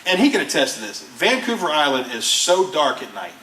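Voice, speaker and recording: A man casually telling survival anecdotes, animated and often laughing as he talks. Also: a little high, brisk. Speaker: guest recounting a survival show. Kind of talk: casual storytelling. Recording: echoey room, distant mic, faint noise.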